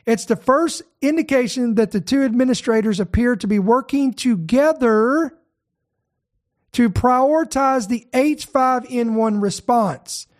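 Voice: medium pitch, unhurried. Emphatic podcast host reading news. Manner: emphatic, stops to stress single words; repeats words and restarts phrases. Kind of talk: news commentary, reading articles aloud.

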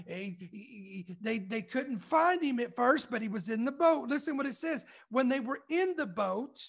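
High-voiced impassioned male preacher. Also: fairly bright tone. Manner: impassioned, repetitive rhetorical questions building intensity. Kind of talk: short devotional sermon.

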